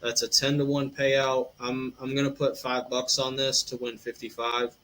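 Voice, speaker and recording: A man's voice: mid-range voice, level tone, moderate pace, fairly bright tone, slight background noise, poor audio. A man hosting a casual sports podcast, rambling through betting picks with lots of ums and a habit of tagging "eh" onto his sentences. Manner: rambling, filler-heavy, says "eh".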